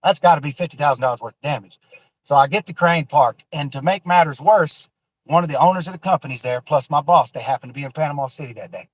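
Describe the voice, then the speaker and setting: A man, telling a raw, emotional personal story with cursing and halting restarts. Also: a little high, no room sound, poor audio. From Florida Panhandle.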